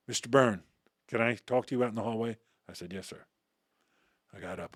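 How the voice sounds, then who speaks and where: A man's voice: medium pitch, normal speed, gravelly, a little mellow, no room sound, clean studio sound. A middle-aged man telling a story in an interview, acting out the dialogue and cussing casually. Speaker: interview guest.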